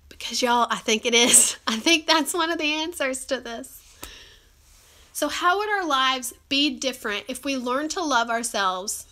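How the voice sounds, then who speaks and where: A woman's voice: sits high, animated, moderate pace, pushed and bright. A woman with a cold hosting a live stream, talking earnestly and chattily with many fillers. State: has a cold. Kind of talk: encouraging live-stream talk. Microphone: phone or webcam live stream.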